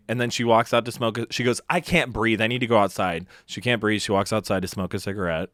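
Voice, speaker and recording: A man's voice: lowish voice, steady tone, fast talker, hardly any pauses, fairly bright tone, no echo, clean studio sound. A man, a guest comedian on a podcast, telling a story casually and acting out both sides of an argument with rising heat.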